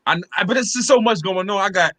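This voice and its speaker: A man hosting a casual interview, relaxed and agreeable. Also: high-pitched, fast. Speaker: host.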